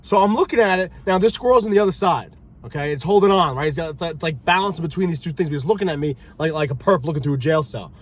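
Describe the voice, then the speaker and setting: His voice is on the high side and quick, and the recording quality is low. Outdoors near a street, the worn-out, loopy man, who breeds reptiles and works as a police officer, tells animated, rambling vlog stories full of swearing.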